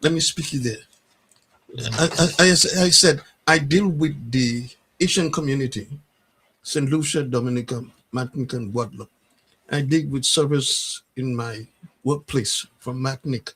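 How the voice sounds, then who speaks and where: A man who tells animated stories in a casual radio discussion and acts out bits of dialogue. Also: mid-range voice, moderate pace, slightly rough.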